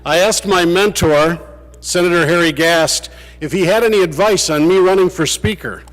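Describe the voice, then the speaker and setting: Standing in a large legislative chamber, a state legislator delivers a farewell speech laced with dry-humored anecdotes for his fellow legislators. His voice sits high and moves at normal speed, echoing with long reverb.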